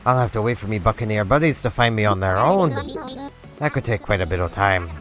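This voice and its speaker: A man's voice: on the low side, lively intonation, a little fast, natural voice. A man voicing a blustering male pirate seagull castaway, reading game dialogue in a hammy, theatrical pirate voice. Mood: hearty. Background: game music.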